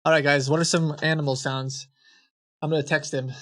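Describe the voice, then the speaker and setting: A man hosting a podcast in casual chat, playfully acting clueless and deadpan while prank-calling a scammer. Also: on the high side, brisk.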